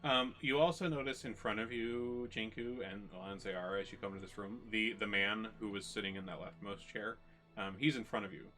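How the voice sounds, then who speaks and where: A man narrating a tabletop game as game master, in a halting way with many ums and restarts. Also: lowish voice, steady tone, bright, forceful tone, soft background music.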